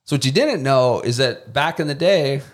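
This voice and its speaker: Speaking at a moderate pace and mid pitch, this man, a former Marine turned contractor, spins casual stories as a podcast guest. When he quotes people, he performs the lines loudly and animatedly.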